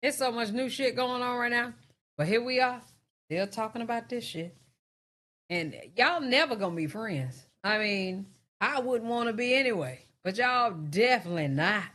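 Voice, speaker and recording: A woman's voice: a little high, lively intonation, normal speed, fairly bright tone. A woman hosting a reaction stream, giving blunt, profane, casual commentary to her viewers.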